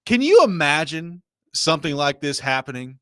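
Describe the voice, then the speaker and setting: Animated male sports radio host. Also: a little high, normal speed, smooth, no room sound, clean studio sound. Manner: animated storytelling, laughing asides. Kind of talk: casual sports talk.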